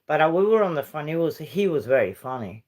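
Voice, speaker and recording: A woman's voice: deep voice, very animated, fairly quick, a little mellow. A middle-aged woman from Uruguay, a Spanish speaker chatting casually with viewers on a livestream. She rambles and switches between English and Spanish. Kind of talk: casual live-stream chat.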